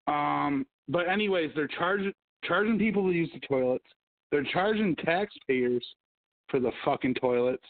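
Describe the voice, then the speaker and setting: A podcast host with a fairly high voice and a somewhat slow delivery rants and swears through the news and the comments on his casual livestream, humming to himself. The recording is dry, with a tinny, phone-like quality.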